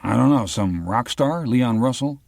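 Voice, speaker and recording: A man's voice: medium pitch, animated, unhurried, gravelly, a little mellow, dry recording, clean studio sound, voice pushed up. A man voicing a blunt, crude male police detective in an audiobook. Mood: gruff. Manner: crude, irritable.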